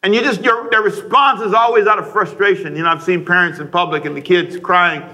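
A male radio preacher with a bright, fairly high voice delivers a sermon in a conversational style. He puts question after question to his listeners and now and then bursts out loudly, playing an impatient parent. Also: steady tone, brisk, highs cut off. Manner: mimics frustrated parents with sudden loud outbursts.

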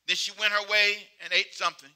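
A man preaching a sermon, with emphatic, repetitive call-and-response phrasing that swings between loud exhortation and quiet asides. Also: high voice, flat delivery, quick pace.

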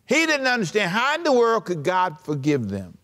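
Lively male pastor preaching. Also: high voice, normal speed. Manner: animated, conversational, joking asides. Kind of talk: sermon.

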